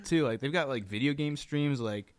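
A man's voice: medium pitch, moderate pace, clear, resonant tone. A man co-hosting a podcast, rambling and laughing, with casual swearing. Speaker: podcast co-host. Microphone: studio microphone.

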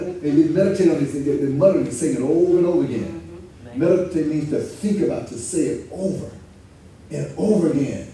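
Pastor, male, high but mellow tone, easygoing preaching, picked up from afar in a roomy church. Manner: conversational preaching, reads scripture slowly. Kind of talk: sermon. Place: church sanctuary. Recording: echoey room from far off, faint ambience.

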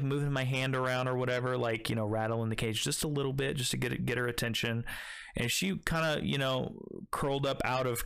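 A man's voice: medium pitch, creaky, a bit bright. A young man telling a long, rambling story in casual chat, swearing often and filling gaps with "like" and "um.". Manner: rambling, profane, heavy filler words.

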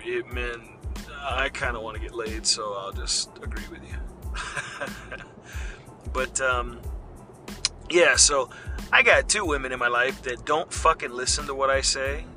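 A man's voice: mid-range voice, pushed and bright. A middle-aged man hosting a podcast, delivering a heated, profanity-laden rant. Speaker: podcast host. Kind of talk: ranting monologue.

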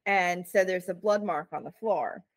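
A woman's voice: on the low side, normal speed, no echo. A woman co-hosting a podcast who tells a story in casual chat, full of "like" and "you know", and acts out the quotes. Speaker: podcast co-host.

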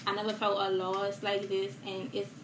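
A young woman as a guest, telling a personal loss in a soft, halting way with many fillers and repetitions, in a roomy, noisy recording. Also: medium pitch. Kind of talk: emotional personal story in a podcast chat. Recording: roomy echo with steady background noise.

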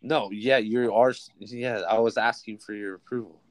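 A man's voice: lowish voice, steady tone, moderate pace, no echo. A young man hosting a podcast in casual chat, joking and teasing with plenty of swearing. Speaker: podcast host.

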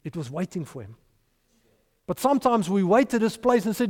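A man's voice: sits high, expressive, normal speed. A man preaching a sermon as pastor, emphatic, sometimes raising his voice when acting out scripture. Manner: emphatic, rising to shouts for quoted voices. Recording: long hall reverb.

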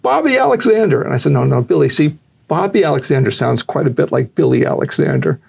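A man's voice: huge pitch swings, fast talker, creaky, a little mellow, breathy edge. A man telling a long story animatedly, raising his voice when he acts out what others said. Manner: acts out quotes with raised pitch.

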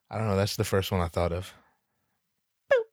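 A low-pitched man talking a little fast hosts a solo comedy podcast, telling a rambling, profane story at his own expense with sudden animated bursts. The audio is studio quality with no echo.

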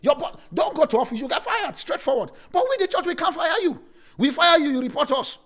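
A man preaching as a pastor, swinging between loud and soft, with sudden rises and drops in pitch. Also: sing-song, brisk. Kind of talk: sermon.

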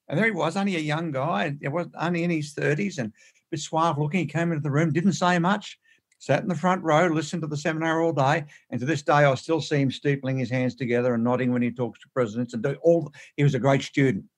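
A man's voice: fairly high pitch, fairly even intonation, quick pace. A man, a guest in an interview, telling anecdotes in an emphatic way, often repeating words and restarting phrases. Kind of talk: animated anecdotal storytelling.

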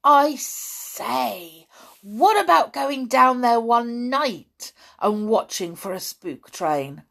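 A woman reading aloud, voicing an eager, excitable farm boy who longs for adventure. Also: slow pace, exaggerated voice. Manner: eager, breathless, pitched up.

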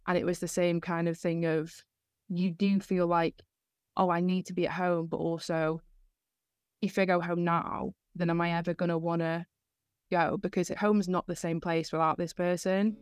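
Young woman chatting on a podcast, fairly flat tone, smooth clean voice, lots of "like"s. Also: on the low side, moderate pace, dry recording, studio quality. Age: young adult. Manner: earnest storytelling, many fillers like "like". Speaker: university student guest. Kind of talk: casual podcast conversation.

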